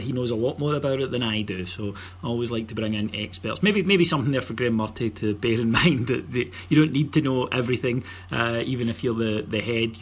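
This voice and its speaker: A man's voice: medium pitch, husky. A Scottish man hosting a casual football podcast, joking and teasing his guests while plugging the show. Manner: jokey, teasing, plugs the show. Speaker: podcast host.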